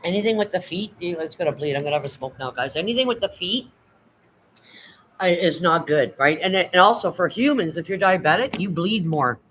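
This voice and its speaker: A man's voice: sits high, animated, a little fast, fairly bright tone, a little hiss or hum, low-quality recording. Blunt, rambling man on a livestream. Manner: rambling, blunt, swears casually. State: tired. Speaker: vlogger reading live chat. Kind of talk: casual livestream chat.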